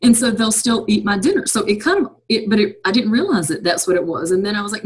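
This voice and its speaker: A woman hosting a casual conversation about parenting, chatty and quick to laugh, heard over a low-quality video call. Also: expressive, husky. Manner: chatty, laughs often, acts out scolding her kids. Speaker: host.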